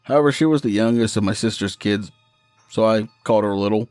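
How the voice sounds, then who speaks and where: A man's voice: fairly low pitch, fairly quick, a little mellow, no room sound, faint music behind. A man reading a first-person horror story in a matter-of-fact, profane storytelling manner.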